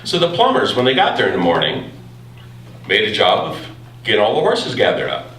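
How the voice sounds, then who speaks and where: Man telling a true story, halting and wry. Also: lowish voice, wildly swooping pitch, fairly bright tone, distant mic, slight background noise. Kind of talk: unscripted live personal storytelling. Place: live storytelling event. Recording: roomy live room from afar, faint ambience.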